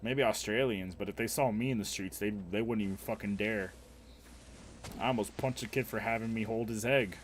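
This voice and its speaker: With a lowish, fairly even voice and a brisk pace, a livestreamer rambles through casual talk full of swearing, crude jokes, fillers, and restarts, over slight background noise.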